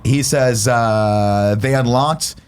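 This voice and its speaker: A man's voice: medium pitch, slow pace, slight background noise. A man hosting a podcast, casually recapping a movie plot in a rambling way, with lots of fillers and some swearing. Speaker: podcast host.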